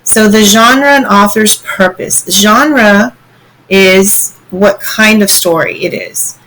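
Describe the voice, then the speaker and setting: A woman's voice: medium pitch, takes it slowly, fairly bright tone, a little hiss or hum, rough recording. A woman teacher walking students through slides in a recorded online lesson, patient and step by step, often checking in with "okay?".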